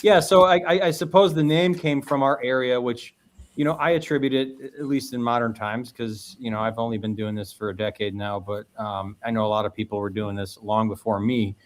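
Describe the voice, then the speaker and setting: A man's voice: mid-range voice, fairly even intonation, brisk. A man from Northwest Indiana, a guest meadery owner talking casually on a podcast, rambling and restarting as he goes. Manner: rambling, repeats words and restarts often.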